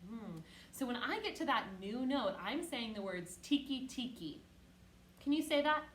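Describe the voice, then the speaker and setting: A woman teaching an online music lesson to young children, patient and encouraging, who chants rhythm syllables loudly for the kids to copy. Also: high voice, lively intonation, normal speed, roomy sound, a little hiss or hum.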